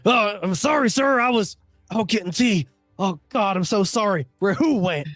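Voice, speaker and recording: A man's voice: sits high, animated, moderate pace, a bit bright, no room sound, clean studio sound, faint music behind, pitched above the performer's own voice. A man voicing a flustered servant who apologizes in a raised, fretful voice.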